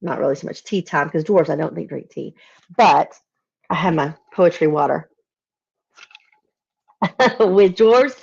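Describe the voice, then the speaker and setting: A woman with a Southern American accent, teaching a poetry lesson online, explaining patiently and reading verses slowly. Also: low voice, creaky, darkish tone, slightly rough, highs cut off. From Southern United States. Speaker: literature teacher. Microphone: video call.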